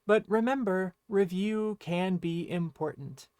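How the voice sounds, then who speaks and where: High-voiced man teaching a language lesson. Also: lively intonation, normal speed, no room sound, studio quality. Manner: friendly explaining, often checking in with "right?".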